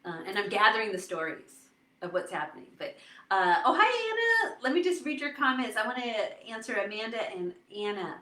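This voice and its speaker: A woman hosting a casual live stream, chatting and laughing often and quoting others in lively voices. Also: medium pitch, fairly quick, roomy sound. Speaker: host.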